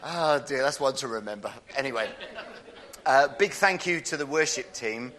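A man's voice: mid-range voice, expressive, normal speed, fairly bright tone. A man, a pastor giving a jokey, rambling sermon in church.

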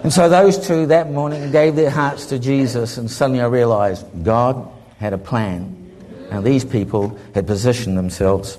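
A man preaching, telling a humorous story and acting out the people in it in a lively way. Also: mid-range voice, normal speed, a little hiss or hum. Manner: lively, humorous, acts out the people in his stories. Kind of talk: sermon storytelling.

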